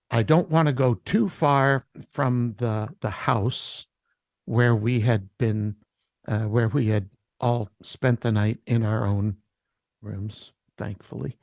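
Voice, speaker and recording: A man giving a personal testimony in an interview, speaking slowly and reflectively with halting restarts, his voice emotional and near tears. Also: medium pitch, a little mellow, no echo. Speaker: interview guest, worship artist.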